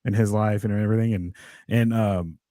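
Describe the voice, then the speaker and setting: A man's voice: on the low side, steady tone, moderate pace, warm tone, no echo, studio quality. A man co-hosting a casual podcast, joking, laughing a lot and reading out the live chat. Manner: laughs often, joking, rambling. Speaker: podcast co-host. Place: home studio with padded mic.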